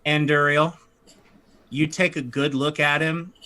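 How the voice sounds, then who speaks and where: Bright, slightly high male game master, narrating a tabletop session. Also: level tone. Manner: laughs often, quick asides.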